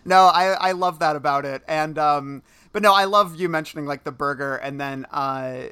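A man co-hosting a casual podcast about a film, animated and quick to laugh. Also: on the high side, smooth, no room sound. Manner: animated, laughs often, mimics the actors he discusses. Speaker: podcast co-host.

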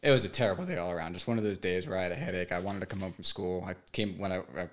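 Telling a painful story from his own life, a deep-voiced podcast guest in his twenties speaks in an emotional, halting way. He frequently repeats his words.

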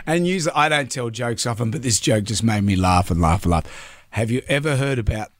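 A man's voice: medium pitch, animated, no room sound. Aussie radio guy, middle-aged, stop-start emotional chat, dry studio mic. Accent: Australian. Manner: halting and emotional, full of restarts. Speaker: breakfast radio host. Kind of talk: casual on-air chat. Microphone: studio microphone.

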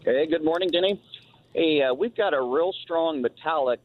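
A man's voice: a little high, normal speed. A man calling in to a radio show, asking a question in a hesitant way and often repeating words. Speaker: caller. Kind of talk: phone call-in question. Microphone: telephone. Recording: tinny phone line.

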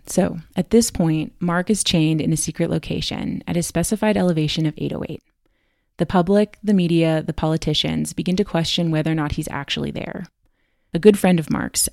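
A woman podcast host reading measured, scripted documentary narration. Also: lowish voice, gravelly, darkish tone, no echo, studio quality.

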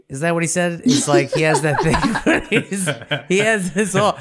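A man's voice: a little high, expressive, moderate pace, a little hiss or hum. A man hosting a podcast in casual, joking chat, laughing often and swearing freely. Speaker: podcast host.

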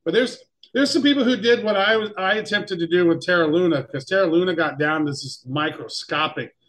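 A man's voice: high voice, brisk, fairly bright tone. A man co-hosting a casual crypto podcast, playful and rambling as he reads off the weekly winners. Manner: playful, rambling, self-mocking. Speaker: podcast co-host.

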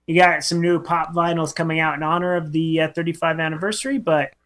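A man's voice: fairly high pitch, steady tone, quick pace, fairly bright tone. A man co-hosting a radio show, joking around in laid-back banter. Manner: jokey, laid-back, quotes movie lines. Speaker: radio co-host.

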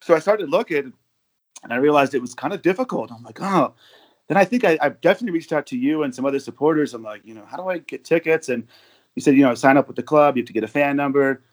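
Speaking quickly in a high-ish voice with lively intonation, an American guest on a laid-back podcast, a football fan from overseas, tells long stories. His rambling is loaded with fillers and restarts.

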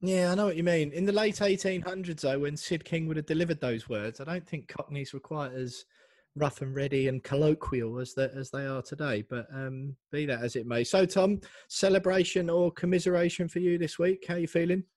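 A man from England hosting a football podcast, reading a formal intro and then chatting briskly with his co-hosts. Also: a little high, fairly even intonation, a little mellow, no echo. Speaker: podcast host. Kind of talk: casual chat with scripted intro.

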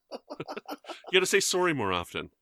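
Podcast co-host: a Canadian man, bright voice, dry close sound, joking and chatty. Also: high voice, huge pitch swings, a little slow, no echo. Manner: chatty, joking asides, many restarts. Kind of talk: casual chat.

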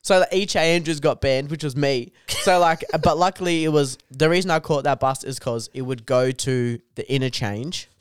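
Aussie dude telling a wild school story, swears a lot, cracks himself up, dry close sound. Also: male voice, on the high side, moderate pace, hardly any pauses, clean tone, no room sound. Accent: Australian. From Australia. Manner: rambling, sweary, says "dude" constantly; animated, laughs through own story. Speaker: comedian guest. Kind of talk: casual podcast storytelling.

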